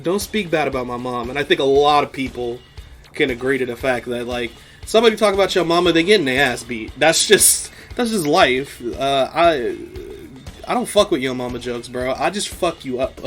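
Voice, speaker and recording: A man hosting a podcast, giving a casual anime episode recap, swearing freely and laughing often. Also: medium pitch. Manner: profane, animated, laughs often. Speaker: podcast host.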